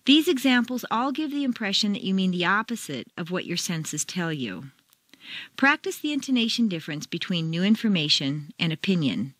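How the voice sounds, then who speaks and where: Woman, American accent, pronunciation teacher, scripted lesson, deliberate, lively pitch. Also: dry recording. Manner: clear, deliberate demonstration of intonation patterns. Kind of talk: scripted instructional narration.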